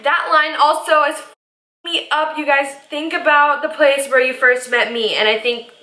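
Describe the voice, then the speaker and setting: A young woman vlogger reacting to music, gushing and rambling excitedly with lots of fillers. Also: high-pitched, moderate pace. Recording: echoey room.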